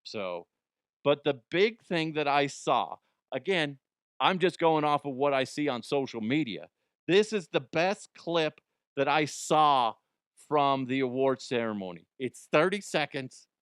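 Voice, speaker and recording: A man's voice: on the high side, expressive, unhurried, a bit bright, smooth, dry recording, studio quality. A man hosting a comedy news show, rambling in a jokey, self-interrupting way. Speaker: podcast host. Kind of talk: casual comedic commentary.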